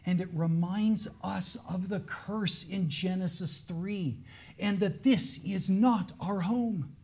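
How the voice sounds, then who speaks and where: A man preaching a sermon, earnest, dropping to hushed lines and then rising into raised, pleading emphasis. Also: high voice, slow pace, vocal fry.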